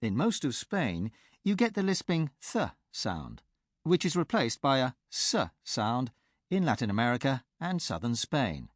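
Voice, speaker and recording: A man presenting a pronunciation course in a clear, measured teacher's delivery, recorded close on a studio mic. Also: mid-range voice, sing-song, no echo. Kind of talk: scripted instructional narration.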